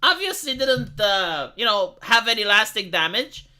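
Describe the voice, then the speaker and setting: A man's voice: high voice, big pitch swings, a little slow, sharp tone. A man with a Romanian accent hosting a livestream, talking in a rambling, profane way with sarcastic asides and many restarts. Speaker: livestream host. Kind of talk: casual livestream commentary.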